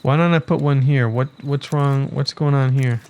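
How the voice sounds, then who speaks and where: A man's voice: medium pitch, fairly even intonation, normal speed, darkish tone. A man giving casual commentary on his city-building game, thinking aloud and chatting to his villagers as he plays. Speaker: let's play gamer.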